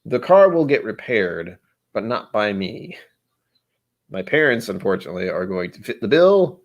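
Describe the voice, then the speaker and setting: A man's voice: on the low side, big pitch swings, normal speed, muffled recording. A man hosting a livestream, chatting casually over drinks, rambling, joking and poking fun at himself. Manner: rambling, joking and self-deprecating. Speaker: livestream host.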